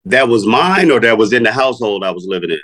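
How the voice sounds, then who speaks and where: A man's voice: on the low side, animated, fast talker, fairly bright tone, no room sound. A man in his fifties, a music artist talking as a guest in a casual interview, laid-back and slangy, laughing often. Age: 50s.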